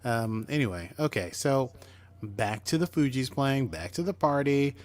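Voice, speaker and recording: A man in a relaxed podcast chat, walking through an episode scene by scene. He slips into quick impressions of the characters as he goes, with a voice of ordinary middle pitch. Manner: chatty, acts out characters' lines while retelling. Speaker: podcast co-host. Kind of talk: casual chat recapping a TV episode.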